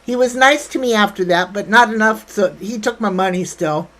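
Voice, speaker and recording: A woman's voice: medium pitch, moderate pace, a bit bright, poor audio. An older woman hosting a casual livestream, blunt and brash, chatting with viewers and reading their comments. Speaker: livestream host.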